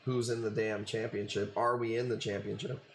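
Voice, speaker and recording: A man's voice: on the low side, little pitch movement, moderate pace, a little hiss or hum. A man hosting a live coral auction stream, bantering loosely and profanely with viewers and calling out bids.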